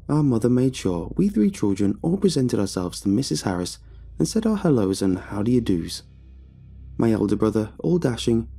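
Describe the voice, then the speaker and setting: A man narrating a horror story in a slow, hushed storytelling manner with a gravelly, husky voice. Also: lowish voice.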